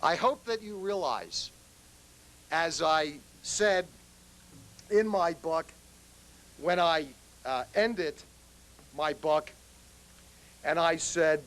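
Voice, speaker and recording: A man's voice: on the high side, expressive, takes it slowly, long pauses, fairly bright tone. An earnest man giving a public speech as a guest speaker, telling a story to make his point.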